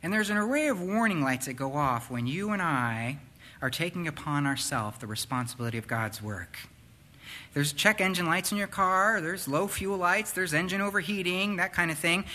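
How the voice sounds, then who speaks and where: A man preaching a sermon, swinging between loud, urgent passages and hushed, near-whispered ones. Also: a little high. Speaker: pastor.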